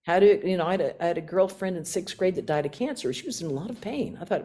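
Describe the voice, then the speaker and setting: Lively older American woman telling stories. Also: on the low side, quick pace, few pauses. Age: 60s. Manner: animated, laughing, self-mocking. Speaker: guest speaker, nun. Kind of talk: storytelling talk with questions.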